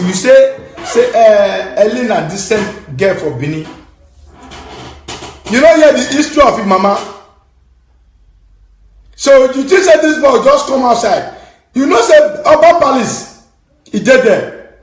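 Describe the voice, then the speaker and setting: Preachy Nigerian man with a lively voice. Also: very high voice, unhurried, pauses often, reverberant, rough recording. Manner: scolding, preachy, bursts into shouts. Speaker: online commentator. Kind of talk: impassioned commentary.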